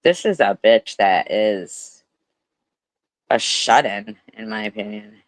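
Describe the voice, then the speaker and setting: A man talks over a clip with heavy sarcasm, mocking and swearing often. He speaks slowly and deliberately. His voice is recorded dry and close, with no room sound. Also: on the low side, dry recording, low-quality recording. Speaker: commentary host. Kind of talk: profane reaction commentary.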